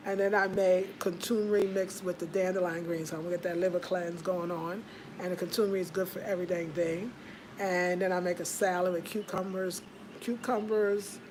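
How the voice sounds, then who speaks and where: A woman's voice: medium pitch, a little hiss or hum. Chatty woman hosting a livestream. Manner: chatty, laughs often, drifts between topics. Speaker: livestream host. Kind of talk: casual live-stream chat. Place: home in Ghana.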